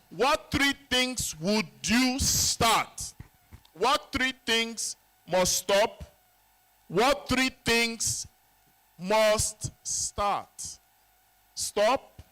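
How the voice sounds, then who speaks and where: A man hosting a summit session in a conference hall. He speaks slowly with a bright, forceful tone and a slightly raised pitch. He exclaims and throws questions at the audience. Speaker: event host.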